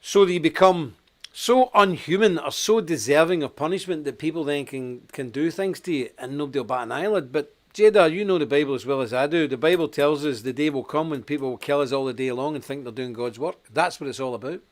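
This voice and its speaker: A man's voice: fairly high pitch, a little fast. Blunt emphatic man hosting a talk show. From Scotland. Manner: blunt, emphatic, laughs at his own stories. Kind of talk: political talk show conversation.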